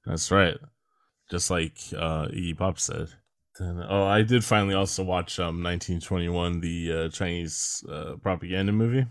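Low-voiced young man, deadpan sarcastic podcast co-host, dry close sound. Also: moderate pace, no room sound. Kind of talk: casual chat.

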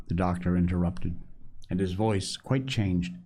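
A man reading a classic adventure novel aloud in a measured, unhurried narration. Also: sits low, dark tone. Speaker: reader. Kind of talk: storybook reading.

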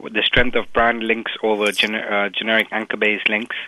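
A man speaking as a guest on a web radio talk show, relaxed and thoughtful as he explains at length. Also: on the low side, moderate pace, dry recording, low-quality recording. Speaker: guest expert. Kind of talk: casual interview chat.

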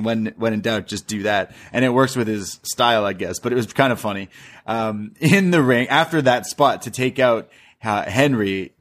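A man with a fairly low voice talks through a wrestling show in loose, rambling podcast chat. He laughs often and slips into retelling what people said. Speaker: podcast co-host. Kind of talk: casual wrestling recap chat.

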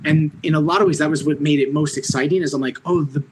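A man from Orange County, New York, a comic writer chatting casually, animated, laughing often and swearing freely. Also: on the high side, fast talker, background noise. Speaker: comic book writer guest. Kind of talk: casual podcast conversation.

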